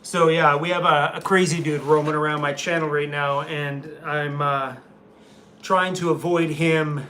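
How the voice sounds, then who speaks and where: A man's voice: fairly high pitch, slight background noise. A middle-aged man from Canada, chatting casually and rambling on a live stream from a hotel room. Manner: relaxed, rambling, talks baby-talk to his dog. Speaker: van-life vlogger doing a live stream.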